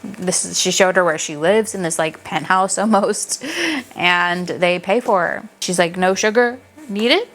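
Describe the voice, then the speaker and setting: A young woman reviewing books in a casual, animated chat, gushing and swearing freely. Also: fairly low pitch, measured pace. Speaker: book reviewer.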